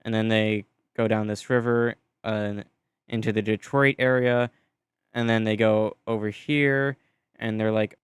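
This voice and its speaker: A man giving casual, offhand voice-over narration, chatty and loose with frequent fillers and deadpan asides. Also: fairly low pitch, unhurried, clean tone, no room sound, clean studio sound. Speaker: map video creator narrating.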